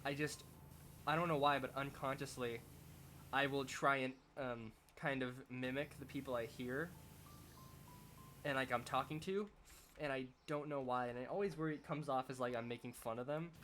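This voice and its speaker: A man's voice: medium pitch, steady tone, moderate pace, sharp tone, a little hiss or hum. Rambling young man chatting while gaming. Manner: rambling, thinking aloud with many restarts. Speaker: streamer. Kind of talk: casual chat while playing a game.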